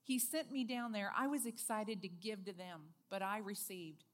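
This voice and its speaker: A woman being interviewed, telling a personal faith story in a lively, earnest way. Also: mid-range voice, normal speed. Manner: lively storyteller, acts out quoted speech; earnest, heartfelt. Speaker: guest.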